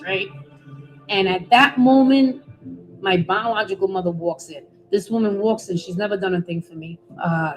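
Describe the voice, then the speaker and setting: A middle-aged woman giving a candid, halting personal testimony as a guest, often restarting her sentences. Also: a little high, low-quality recording. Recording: music playing behind.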